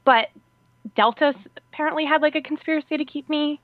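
A woman co-hosting a podcast, telling a story in a casual, animated way, filling her speech with "like" and acting out what people said. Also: high voice, fast, no room sound. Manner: animated, peppers speech with "like", acts out quotes. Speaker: podcast co-host. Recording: tinny phone-like dry sound.

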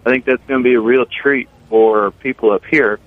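A man's voice: mid-range voice, fairly even intonation, moderate pace, dry recording. A man calling in by phone, talking casually and enthusiastically about his brewery, rambling with plenty of fillers. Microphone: telephone. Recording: tinny phone line.

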